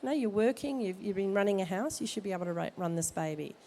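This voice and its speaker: A woman's voice: medium pitch, expressive, fast, dark tone, a little hiss or hum. A woman who has a cold, a midwife giving jokey, direct advice to expectant parents at an expo. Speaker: midwife speaker at a baby expo. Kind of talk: informal talk to expectant parents. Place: expo hall.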